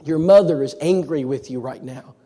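A man voicing a calm older church elder who speaks softly and slowly to reassure. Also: on the high side, husky, big-room sound. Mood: gentle. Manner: soft, slow, reassuring.

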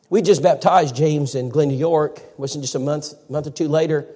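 A man preaches through homespun stories in a slightly high voice. His words hang in the long reverb of a large hall. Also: steady tone, moderate pace, few pauses, mellow. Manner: folksy storytelling, acts out quotes. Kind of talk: storytelling sermon.

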